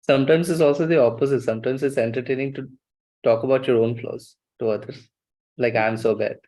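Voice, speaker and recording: A man's voice: medium pitch, fairly even intonation, fairly quick, mellow. A male student adding brief comments to a class discussion.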